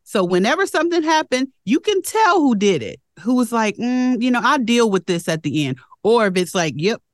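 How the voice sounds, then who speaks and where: A woman in her forties hosting a casual interview, talking quickly and expressively about parenting. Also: a little high, no echo. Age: 40s. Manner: expressive, quick, acts out family quotes. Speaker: interview host.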